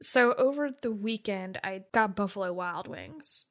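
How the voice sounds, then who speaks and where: A woman's voice: medium pitch, expressive, a little slow, a bit bright. A woman co-hosting a podcast, chatting through a funny story with frequent laughs. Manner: giggly, chatty anecdote-telling. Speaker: podcast co-host. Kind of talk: casual storytelling chat.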